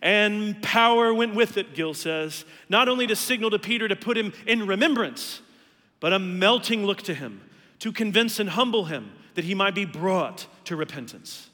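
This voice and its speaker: Bright-voiced man preaching in a hall. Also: high voice, expressive, normal speed. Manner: earnest preaching, rising emphatically on key words. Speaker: pastor. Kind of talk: sermon.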